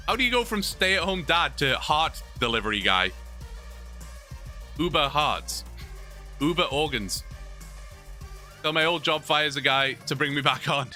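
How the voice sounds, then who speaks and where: A man's voice: fairly high pitch, bright, forceful tone. A British man from England, chatting casually and joking with viewers during a live gaming stream. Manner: chatty, joking, many restarts.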